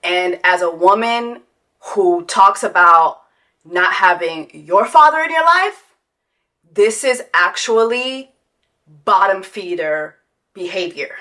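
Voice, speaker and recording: A woman's voice: medium pitch, expressive, slow pace, pushed and bright. A woman, giving a sassy, profane reality TV reaction commentary that mocks its subject and breaks into sung quacking. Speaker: commentary host.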